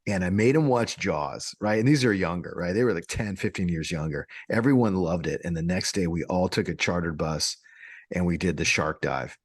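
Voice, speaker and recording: A man co-hosting a podcast, telling a story in a casual, animated way, often laughing and restarting his sentences. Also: low voice, normal speed, breathy edge, no echo, studio quality. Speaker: podcast co-host.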